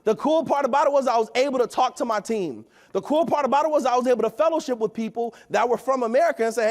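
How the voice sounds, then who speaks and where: A man in his thirties giving an energetic, preachy motivational talk at a company event, often asking "right?". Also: very high voice, quick pace, few pauses.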